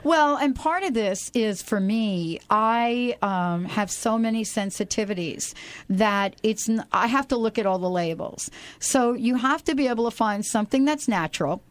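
A woman's voice: a little high, moderate pace, no echo. A woman hosting a radio talk show, chatty and enthusiastic, rambling a little as she talks.

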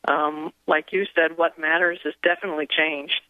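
A woman calling in to a radio show who speaks in a hesitant, halting way. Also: sits low, flat delivery, no echo. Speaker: caller. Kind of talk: radio call-in. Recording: tinny phone line.

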